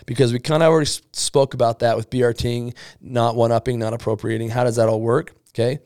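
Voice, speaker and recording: A man coaching salespeople in an upbeat, slangy way, with a gravelly edge to his mid-pitched voice. The recording is close and dry, with no room sound. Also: dry recording. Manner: energetic, slangy, acts out sales banter. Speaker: sales trainer.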